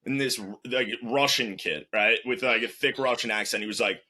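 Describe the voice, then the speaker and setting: A man hosting a casual conversational interview, an animated storyteller who restarts his sentences often. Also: mid-range voice, a little fast, few pauses. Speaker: interview host, sales manager.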